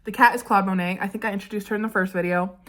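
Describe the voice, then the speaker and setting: A woman's voice: medium pitch, steady tone, very fast, fairly bright tone. A young woman vlogging in a chatty, dramatic way, leaning on "like" as she tells a story. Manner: chatty and dramatic, heavy use of 'like'. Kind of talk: casual storytelling vlog.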